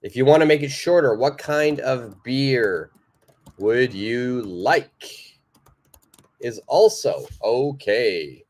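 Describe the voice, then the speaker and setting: A man's voice: mid-range voice, expressive, slow pace. A man teaching a live online English lesson, patiently repeating and praising viewers' answers.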